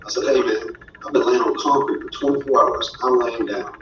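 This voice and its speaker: A man's voice: medium pitch, a little fast, a bit bright, a little hiss or hum. A man telling his own story as a father, earnest and indignant. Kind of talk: personal storytelling. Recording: roomy, distant, dull audio.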